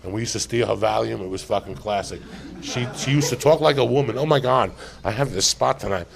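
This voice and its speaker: Gravelly loud-mouthed man telling stories. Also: mid-range voice, fairly quick, a crowd in the background. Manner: loud, profane, rowdy storytelling. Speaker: podcast host. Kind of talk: live podcast storytelling. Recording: live podcast mic.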